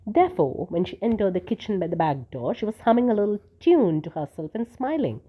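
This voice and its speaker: A woman reading a short story aloud as narrator, telling it in a steady way. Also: medium pitch, a little fast, breathy edge. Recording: tinny phone-like sound.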